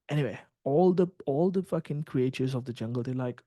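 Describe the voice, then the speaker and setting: A man's voice: mid-range voice, brisk, hardly any pauses, dark tone, dry recording. A man, a trading mentor, talking casually on a video call, rambling, full of slang and cursing as he tells a story to his students.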